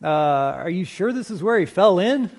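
A man's voice: high-pitched, lively intonation, moderate pace, gravelly, voice pushed up. A man voicing a plain, puzzled ordinary man in a joke, answering in a dry, simple way.

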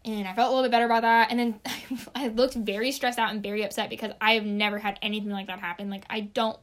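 A woman's voice: fairly high pitch, flat delivery, quick pace. A young woman telling a work story in casual chat, rambling and saying "like" constantly. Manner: rambling, heavy use of "like".

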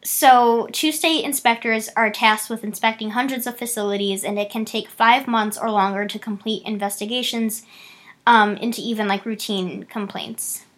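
A woman's voice: on the high side, steady tone, fairly bright tone. A woman co-hosting a casual chat, reading out news stories and reacting to them. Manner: chatty, fast bursts, laughs often. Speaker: podcast co-host.

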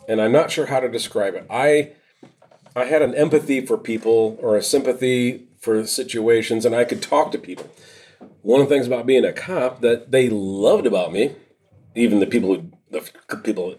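A middle-aged man, a retired police officer, co-hosting a podcast and telling a long story in a rambling, animated way, swearing and laughing often. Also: mid-range voice, moderate pace. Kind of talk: casual storytelling chat.

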